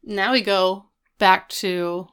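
A woman co-hosting a casual chat, retelling a TV episode scene by scene in lively detail. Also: mid-range voice, slow, clear, resonant tone. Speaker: podcast co-host.

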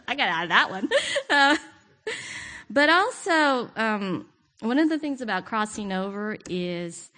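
Woman preaching with a laugh. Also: medium pitch. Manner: warm, self-deprecating, laughs often. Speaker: guest preacher. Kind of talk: sermon. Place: church sanctuary.

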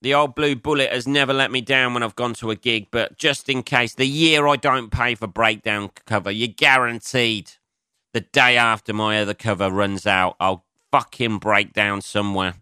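Swearing comedian, bright crisp voice. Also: male voice, fairly even intonation, normal speed, dry recording, clean studio sound. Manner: swearing, self-mocking, answers his own asides in a higher voice. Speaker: comedian and podcast host. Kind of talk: casual solo podcast monologue.

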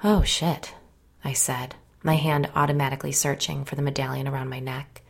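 A woman narrating a first-person audiobook in a quiet, restrained way. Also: extremely low pitch, little pitch movement, fairly quick, creaky.

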